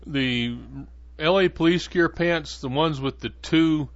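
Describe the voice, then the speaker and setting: A man's voice: fairly high pitch, takes it slowly, dry recording. Rambling man with a dull lo-fi sound. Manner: rambling, with many fillers and restarts. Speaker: podcast host. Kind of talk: casual monologue.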